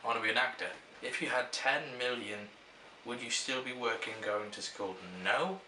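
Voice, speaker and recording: A man's voice: mid-range voice, normal speed, pushed and bright, slight background noise. A young man chatting casually to camera, answering question prompts and rambling through stories with restarts. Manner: rambling, storytelling, self-interrupting. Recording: echoey room, mic at a distance.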